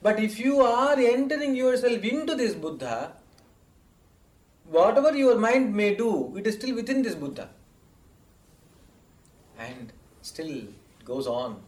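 A man teaching meditation to an audience in a measured storytelling manner, checking in with listeners as he goes. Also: high voice, sing-song. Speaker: spiritual teacher. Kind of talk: meditation talk. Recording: roomy echo.

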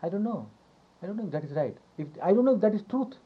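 A man giving a yoga philosophy lecture, repeating his phrases, asking rhetorical questions and chuckling softly now and then. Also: high voice, lively intonation, quick pace, slightly rough. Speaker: yoga teacher. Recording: dull lo-fi recording.

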